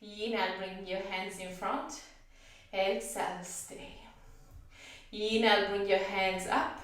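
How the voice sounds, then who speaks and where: A woman teaching a yoga class, calmly cueing each breath and pose in an encouraging way. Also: medium pitch, roomy sound. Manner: calm breath-paced cueing, slow and encouraging. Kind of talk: guided yoga class instruction. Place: home room.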